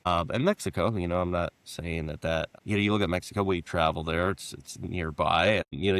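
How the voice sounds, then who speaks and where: A man hosting a casual interview, talking in a rambling, animated way and laughing often. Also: deep voice, no room sound. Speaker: podcast host.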